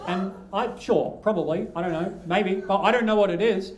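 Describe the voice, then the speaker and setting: A man's voice: high voice, moderate pace. An Australian man doing a stand-up comedy set, crude and rambling as he tells self-mocking stories on a club stage. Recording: echoey club with crowd laughter. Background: audience laughing.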